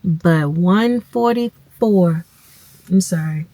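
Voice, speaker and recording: A woman, tearfully telling viewers a personal story, halting and calling them y'all. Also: lowish voice, warm tone, a little hiss or hum. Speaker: vlogger. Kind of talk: emotional personal storytelling to camera.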